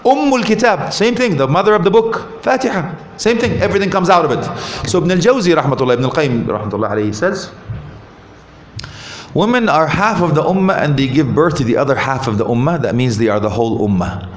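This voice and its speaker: A man giving a lively talk on marriage at a mosque, asking the audience questions and joking. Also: a little high, brisk, a little hiss or hum. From Canada. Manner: animated, asks the audience questions, jokes. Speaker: visiting Islamic speaker. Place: mosque hall. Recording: roomy hall with faint ambience.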